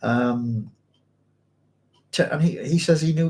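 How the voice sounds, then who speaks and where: A man's voice: medium pitch, very animated, measured pace, pauses often, a little mellow. Chatty man hosting a book club. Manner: chatty, rambling, laughs easily. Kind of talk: casual live-stream book discussion. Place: home.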